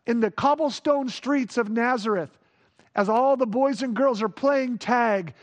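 A man preaching a sermon, moving from hushed awe to playful, animated emphasis. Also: very high-pitched, measured pace. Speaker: pastor.

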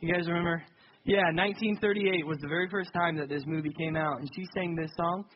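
A man's voice: on the high side, steady tone, fast talker, slightly rough, highs cut off. A young adult man preaching a sermon in a conversational, self-deprecating way that builds to emphatic peaks. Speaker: pastor.

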